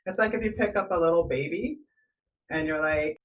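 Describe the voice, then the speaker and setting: A woman's voice: fairly low pitch, moderate pace, a little hiss or hum. A woman voice coach chatting on a podcast, slipping into little vocal demonstrations to make her points. Her voice sits a little back from the mic. The sound is muffled and dull. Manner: demonstrative, shifts voice to illustrate points. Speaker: voice coach co-host. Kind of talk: casual podcast chat. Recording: muffled audio, a bit far from the mic.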